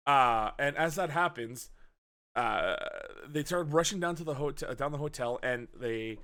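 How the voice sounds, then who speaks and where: A man co-hosting a podcast, chatting casually about a movie, swearing often and acting out scenes in quick put-on voices. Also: mid-range voice, animated, pushed and bright. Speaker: podcast co-host. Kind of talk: casual movie review chat.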